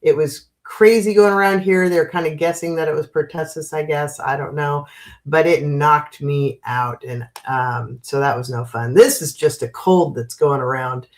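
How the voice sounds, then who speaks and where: A woman's voice: sits low, moderate pace. A woman in her fifties with a stuffy, congested nose, chatting casually as host of a live stream and greeting viewers by name with frequent laughs. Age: 50s. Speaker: livestream host.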